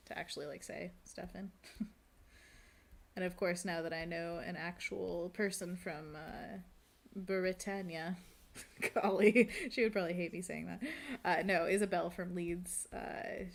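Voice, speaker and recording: A woman's voice: lowish voice, vocal fry. A woman chatting casually while drawing on a live stream, rambling and laughing often, seated at a desk at home.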